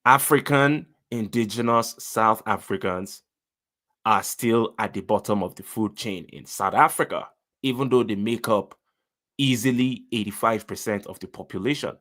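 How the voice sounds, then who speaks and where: A man with a Nigerian accent gives opinionated political commentary in a low, grounded voice. He talks emphatically and directly, often turning to address his audience. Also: moderate pace, fairly bright tone. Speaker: commentary channel host.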